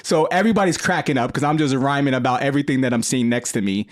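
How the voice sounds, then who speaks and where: A man's voice: mid-range voice, fast, no echo. A man on a podcast as a guest, telling a rambling party story in casual chat and laughing often.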